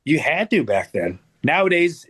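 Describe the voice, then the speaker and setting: A man's voice: a little high, big pitch swings, normal speed, fairly bright tone, husky. A middle-aged man, a guest wrestler, telling stories in casual podcast chat, laid-back and profane, full of "like".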